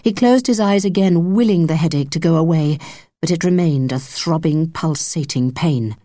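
A woman narrating an audiobook in a measured, even storytelling manner on a close studio mic. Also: sits low, no room sound. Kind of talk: scripted narration.

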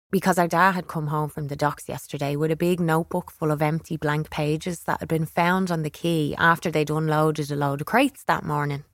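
A woman reading a first-person children's story aloud in a wry, expressive way on a close studio mic. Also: low voice, no echo. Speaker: audiobook reader.

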